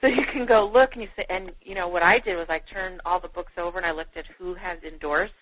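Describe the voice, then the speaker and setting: A woman author, a guest being interviewed, telling stories in an animated, effusive way, full of "you know" fillers. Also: on the low side, quick pace, slight background noise. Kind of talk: chatty interview storytelling. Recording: dull, dry lo-fi radio audio.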